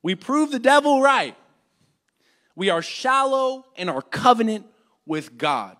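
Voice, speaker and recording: Young male teacher, higher-pitched voice, earnest sermon delivery that swings loud and soft. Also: very animated, slow. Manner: earnest, swings between loud urging and hushed reflection. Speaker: church class teacher. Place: church classroom.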